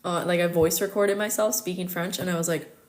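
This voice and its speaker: A woman's voice: lowish voice, steady tone, brisk. A young American woman hosting a casual live chat, talking in a giggly, filler-heavy way. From United States. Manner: chatty, giggly, lots of fillers. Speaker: astrology livestream host.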